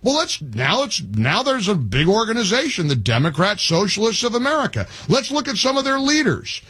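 Male radio host, raised pitch, dry studio sound, sarcastic running commentary. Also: wildly swooping pitch, moderate pace, a bit bright, husky, dry recording. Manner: mocking, laughs while talking, restarts often.

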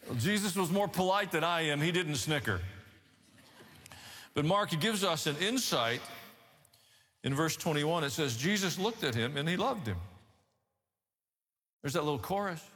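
A man preaching a sermon, telling the story in an animated, emphatic way with rhetorical asides. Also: a little high, moderate pace, pauses often. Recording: long hall reverb.

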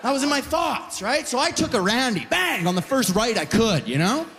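A man performing a stand-up set at a live show, animated and tacking "right?" onto his lines while acting out characters. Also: very high-pitched, normal speed, heavy background noise. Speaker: stand-up comedian.

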